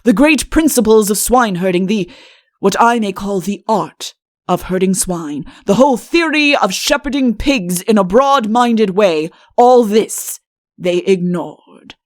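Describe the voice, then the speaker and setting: A woman's voice: mid-range voice, animated, no echo, clean studio sound, natural voice. A woman voicing a plaintive deposed king. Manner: slow, earnest, imploring delivery. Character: deposed male king, plaintive and self-pitying. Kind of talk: audiobook character reading.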